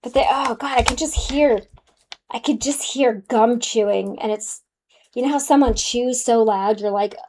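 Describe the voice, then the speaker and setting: A fairly high-voiced woman does a casual tarot reading straight to camera. She talks with sass and calls the listener honey. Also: normal speed, a little mellow. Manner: sassy, calls the viewer honey. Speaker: tarot card reader.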